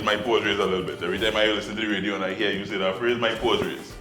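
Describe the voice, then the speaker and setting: A man's voice: on the low side, steady tone, very fast, few pauses, pushed and bright, reverberant, faint music behind. A man hosting a cooking show, chatting casually and laughing easily as he cooks.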